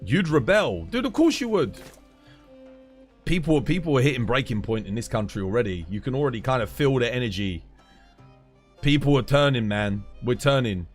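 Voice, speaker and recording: British male streamer, heated sweary rant, animated delivery, soft music behind. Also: mid-range voice, moderate pace. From United Kingdom. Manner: heated, swears a lot, keeps saying "dude". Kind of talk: casual live-stream rant.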